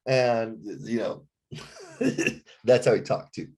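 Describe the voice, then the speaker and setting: A man's voice: mid-range voice, wildly swooping pitch, slow, darkish tone, slightly rough. A man, a rock band frontman, telling a heated story on a podcast with plenty of profanity and acted-out quotes.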